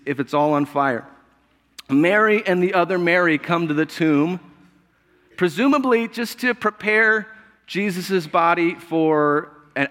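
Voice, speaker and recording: A man preaching a sermon in a relaxed, conversational way, joking and laughing often as he goes. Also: fairly high pitch, in a large hall. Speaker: pastor.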